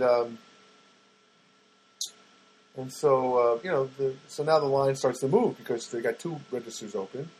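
A man with a husky, slightly rough voice tells a rambling everyday story. His delivery is chatty and wry, with loose asides and plenty of fillers. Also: mid-range voice, rough recording.

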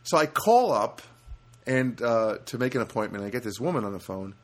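Animated rambling man hosting a podcast. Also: medium pitch, moderate pace. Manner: rambling, with many restarts and animated quoted voices. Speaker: podcast host. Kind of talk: casual storytelling monologue. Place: studio apartment.

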